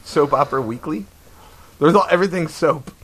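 A man's voice: fairly high pitch, fairly quick, a bit bright, breathy edge, rough recording. A man co-hosting a podcast, chatting casually and reading online reviews aloud in a laid-back way. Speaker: podcast co-host. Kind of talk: casual chat.

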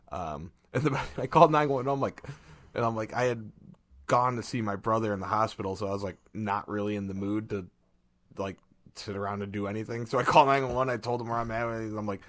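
A man co-hosting a podcast, telling a story in a rambling, animated way and acting out the quotes between laughs. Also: fairly low pitch, a little fast. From Ohio, USA. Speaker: podcast co-host. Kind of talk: casual storytelling chat.

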